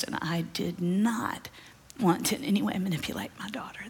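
Gravelly, husky woman preaching a story. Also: lowish voice. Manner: drops to a soft, breathy near-whisper at tender moments; earnest and emphatic, addresses listeners as y'all. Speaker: Bible study teacher. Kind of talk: storytelling sermon. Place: church gathering.

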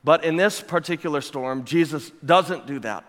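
A man's voice: on the high side, normal speed, a bit bright. Emphatic male pastor in a reverberant church. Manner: emphatic, building with repeated phrases and rhetorical questions. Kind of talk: sermon. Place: church sanctuary. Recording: long hall reverb.

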